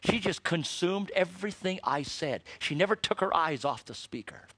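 An older man preaching a sermon, telling an emotional story and building to loud, forceful emphasis. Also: sits high, animated, moderate pace, husky, dry recording. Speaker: missionary preacher.

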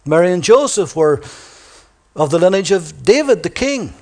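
A man preaching a sermon in a church, stressing key words by slowing down. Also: high-pitched, big pitch swings. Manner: reads scripture quietly and softly.

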